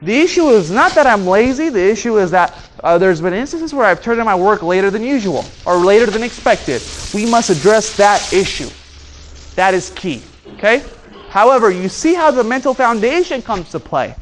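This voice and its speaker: A man's voice: sits high, moderate pace, slight background noise. A man giving a motivational training talk to an audience about conflict, acting out the people in his stories. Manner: animated, acts out dialogue with voice changes. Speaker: speaker and trainer.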